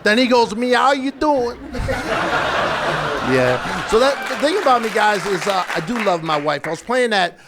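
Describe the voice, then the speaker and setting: A man's voice: high-pitched, very animated, fairly quick, hardly any pauses, very noisy. A man in his fifties performing a self-deprecating stand-up comedy routine on a club stage, with punchy delivery. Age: 50s. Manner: self-deprecating, punchy, shouts sound effects. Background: audience laughter.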